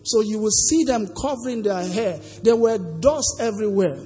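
A man's voice: high-pitched, animated, normal speed, mellow. A man preaching a sermon, asking the congregation to finish the verses with him. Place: church sanctuary. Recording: long hall reverb with faint music.

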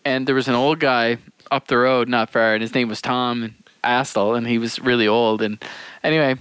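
A man's voice: medium pitch, fairly even intonation, normal speed, fairly bright tone, smooth, dry recording. A man co-hosting a podcast, telling a funny story among friends, laughing and acting out the people he quotes. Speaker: podcast co-host.

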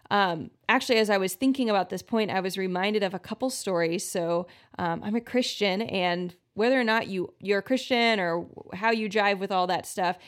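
Woman, health podcast host, mid-pitched voice, casual solo talk that slips into quoted voices. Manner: chatty, many "like" fillers, acts out quoted voices.

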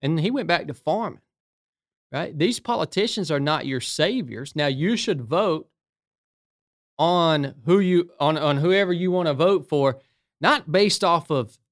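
A man's voice: a little high, expressive, dry recording. Earnest man, dry close sound. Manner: earnest, calls people brother, halting restarts. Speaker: guest. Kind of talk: casual conversation.

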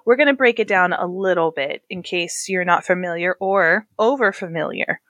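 A young adult woman co-hosting a podcast, talking in an animated, playful way with quick laughs. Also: lowish voice, no room sound. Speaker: podcast co-host. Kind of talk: casual chat.

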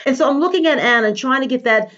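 A woman, a life coach, telling an animated story in a casual interview and acting out the voices of the people she quotes. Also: sits high, quick pace. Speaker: guest, life coach and trainer. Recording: dull lo-fi recording.

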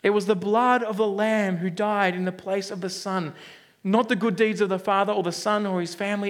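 A man's voice: sits high, fairly even intonation, normal speed. A man preaching a sermon in a conversational style, joking with the congregation.

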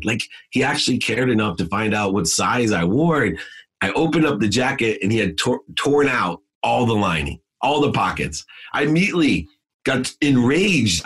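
A man's voice: mid-range voice, very animated, moderate pace, fairly bright tone, breathy edge, low-quality recording. A middle-aged man, a podcast guest, telling a personal story with emphasis, frequent fillers and restarts, and a voice that climbs when he relives key moments.

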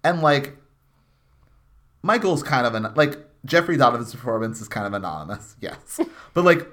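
A man's voice: medium pitch, sing-song, a bit bright. Rambling man podcast co-host. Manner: halting, riffing, full of restarts and "like". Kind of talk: casual chat.

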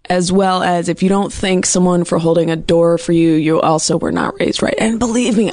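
Husky, gravelly-voiced woman comedian. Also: fairly low pitch, a little mellow, no echo, clean studio sound. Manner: rambling, sardonic, self-deprecating. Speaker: comedian hosting a podcast. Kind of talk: casual comedic monologue.

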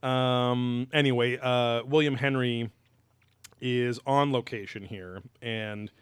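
A young man co-hosts a podcast, rambling sarcastically and swearing a lot as he tears apart a TV episode in casual chat. His voice is medium-pitched, steady, slow, clear, and resonant, captured in a dry recording.

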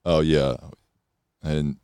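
A man's voice: extremely low pitch, level tone, slow pace, darkish tone, clean tone, dry recording, studio quality. A young man in casual, laid-back chat, full of slang and swearing.

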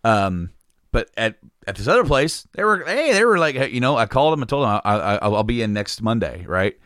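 A man's voice: medium pitch, very animated, fairly quick, fairly bright tone, no room sound, clean studio sound. A man telling a long personal story in casual chat, rambling and restarting sentences, laughing often. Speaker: podcast guest telling a story.

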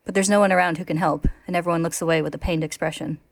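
Speaking at a racing pace with a lowish, fairly even voice, this podcast co-host laughs a lot during casual chat before reading out a story summary in a steady manner. The recording has no echo.

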